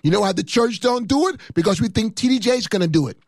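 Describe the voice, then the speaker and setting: A man's voice: sits high, lively intonation, quick pace. A man. The sound is dry and close, with no room echo. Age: 50s. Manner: fiery, emphatic preaching with repetition. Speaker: pastor. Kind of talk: sermon.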